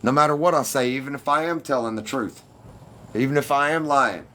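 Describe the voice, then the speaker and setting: A man's voice: medium pitch, fairly quick, sharp tone. A man ranting defensively and with heavy profanity at his livestream commenters.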